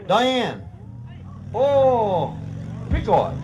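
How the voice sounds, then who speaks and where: A man's voice: high voice, lively intonation, unhurried, pauses often, faint music behind, some chatter behind. A man with a Newfoundland accent, leading a ceremony with teasing, folksy banter and frequent laughter. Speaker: master of ceremonies at a screech-in.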